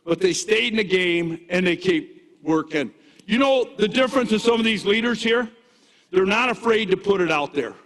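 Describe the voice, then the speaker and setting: An older man coaching his team in an energetic motivational stage speech, rallying and shouting to the crowd in a large event hall. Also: high voice, moderate pace. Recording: echoey hall reverb.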